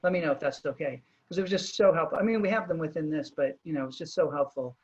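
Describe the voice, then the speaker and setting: A man with a fairly high voice hosts a video call interview, thinking aloud and often stopping to restart his sentences. His voice comes through dull and lo-fi. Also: quick pace, husky. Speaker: host.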